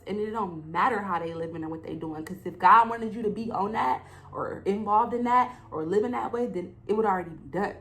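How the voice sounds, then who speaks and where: A woman's voice: medium pitch, fairly bright tone, low-quality recording. Young woman host, heartfelt faith talk, voices her exchanges with God. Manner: emotional, preachy, acts out dialogues with God. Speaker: podcast host. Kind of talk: casual solo podcast talk.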